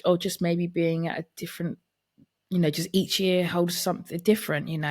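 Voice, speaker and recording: Woman, low-pitched, dry close mic, chatty podcast host. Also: no room sound. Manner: candid and chatty, acting out family dialogue. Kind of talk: personal reflective monologue.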